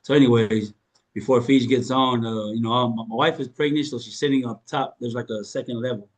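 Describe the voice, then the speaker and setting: A man hosting a casual chat, telling a personal story in a relaxed, joking way and laughing often. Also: medium pitch, a little fast. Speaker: host.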